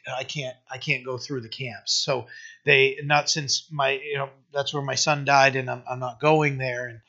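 A man preaching a sermon, telling a story in a halting way with many restarts, then growing emphatic. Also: mid-range voice, bright, forceful tone. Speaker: pastor. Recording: dull lo-fi sermon recording.

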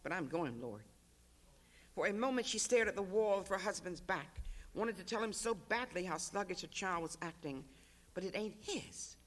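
High-voiced author reading fiction. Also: male voice, fairly bright tone. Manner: measured, rhythmic narration. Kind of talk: literary reading.

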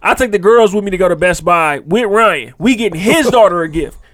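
High-voiced man telling family stories. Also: expressive, a little fast, a bit bright, no echo, clean studio sound. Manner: storytelling, acting out quotes of his kids and friends. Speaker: podcast co-host. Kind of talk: casual chat.

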